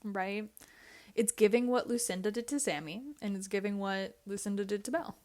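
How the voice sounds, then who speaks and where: A woman's voice: mid-range voice, fairly even intonation, fairly quick, darkish tone. A woman vlogger giving a blunt, opinionated reality TV recap, repeating herself and swearing in casual slang.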